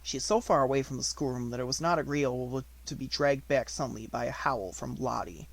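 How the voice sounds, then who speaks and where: A man narrating a children's classic in an even, measured reading. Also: mid-range voice. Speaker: audiobook narrator. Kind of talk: unabridged audiobook reading.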